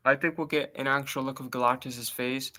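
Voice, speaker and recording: A man on a casual live stream, talking excitedly and filling his speech with "bro" and "like". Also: medium pitch, brisk. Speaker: watch party co-host.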